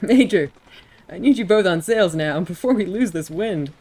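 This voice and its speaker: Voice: mid-range voice, animated, slightly rough, voice pushed up. A streamer voicing a commanding ship captain who barks orders at the crew. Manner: brisk, loud orders.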